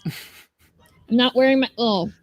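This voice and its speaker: Woman with a higher voice and a dry sound, teasing, laughing livestream co-host. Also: unhurried, no echo, highs cut off. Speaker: comic creator. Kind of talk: casual livestream chat.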